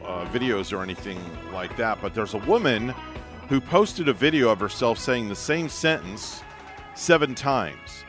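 A man's voice: mid-range voice, a bit bright. A man hosting a morning radio show, setting up clips and teasing his co-hosts in casual banter. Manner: sets up bits, teases co-hosts. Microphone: studio microphone.

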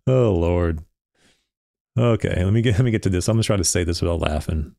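Gravelly, emphatic man reviewing research. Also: low-pitched, brisk, dark tone, dry recording, clean studio sound. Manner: emphatic, insistent, prone to fits of giggling. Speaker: podcast host reviewing turf research. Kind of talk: reading and critiquing a paper aloud.

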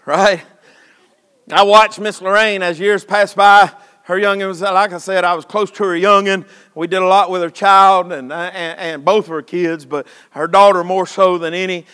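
Preacher guy, folksy, high bright voice, loud then quiet, big church echo. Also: steady tone, measured pace, long pauses, clean tone. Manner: folksy and impassioned, swinging from shouts to hushed tones. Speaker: pastor. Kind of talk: sermon. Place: church sanctuary. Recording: long hall reverb.

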